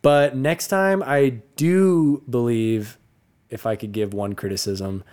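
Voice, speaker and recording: Excitable, foul-mouthed podcast co-host. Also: male voice, mid-range voice. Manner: excitable, profane, quick to laugh. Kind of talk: casual podcast chat.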